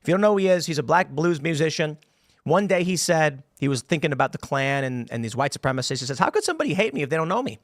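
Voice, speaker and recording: A man's voice: a little high, lively intonation, quick pace, dry recording, clean studio sound. A man hosting a political talk show, ranting with heated indignation. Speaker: podcast host.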